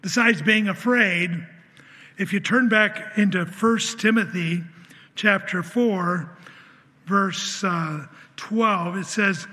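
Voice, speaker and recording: Speaking slowly in a high, pushed, bright voice, a man delivers a sermon centered on a personal story. He's earnest, acts out what was said, and restarts his sentences often. Long hall reverb colors the audio.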